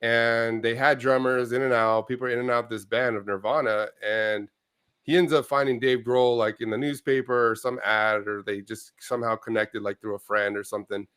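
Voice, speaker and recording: A man hosting a relaxed interview, setting up each question with a long, rambling lead-in before handing it over. His voice is smooth and resonant and sits at an ordinary pitch. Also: brisk. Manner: rambling, loose setup of questions. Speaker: interview host.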